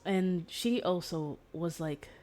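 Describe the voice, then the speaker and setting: A woman's voice: lowish voice, slow, darkish tone. A woman streamer casually retelling a story, rambling with fillers and restarts and acting out the quoted lines.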